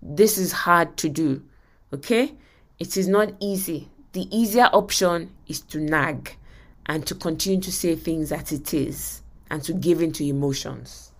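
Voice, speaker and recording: A woman's voice: low voice, unhurried. A woman hosting a podcast, giving an earnest spoken lesson and often checking in with her listeners. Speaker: podcast host and teacher. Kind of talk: spoken teaching talk.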